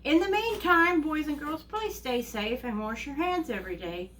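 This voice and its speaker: A woman telling a fairy tale to young children, animated and asking them questions along the way. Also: high voice, normal speed, a little hiss or hum. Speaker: children's storyteller. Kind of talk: reading a story to young children. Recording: distant mic with faint ambience.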